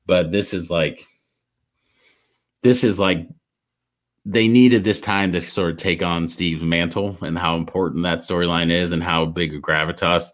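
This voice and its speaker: A man co-hosting a casual podcast, retelling stories in a rambling, animated way with lots of restarts. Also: sits low, a little slow. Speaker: podcast co-host. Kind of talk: casual chat.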